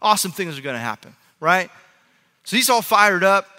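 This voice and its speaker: A man preaching a sermon as a pastor, talking in a chatty way and often checking in with the congregation with quick asides. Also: sits high, sing-song, pushed and bright. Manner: conversational, frequent "right?" asides to the audience. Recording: long reverb of a hall.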